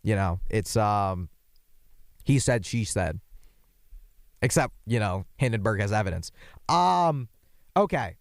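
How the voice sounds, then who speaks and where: A young man hosting a podcast, his voice hoarse from yelling, rambling in a casual, self-deprecating monologue with jumpy asides. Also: fairly low pitch, lively intonation, slow pace, pauses often, no room sound, studio quality. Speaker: podcast host. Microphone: microphone.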